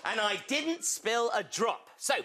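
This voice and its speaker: A man's voice: very high voice, lively intonation, a little slow. Brief: man hosting kids' comedy, playful, swinging intonation, noisy studio sound. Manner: playful, addresses the audience. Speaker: children's TV host. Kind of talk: children's TV sketch comedy.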